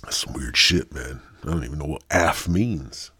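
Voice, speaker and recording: A man's voice: very deep voice, moderate pace, bright, forceful tone, breathy edge. A man hosting a solo podcast, rambling and swearing with a stoned, sore-throated manner. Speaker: podcast host. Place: home studio.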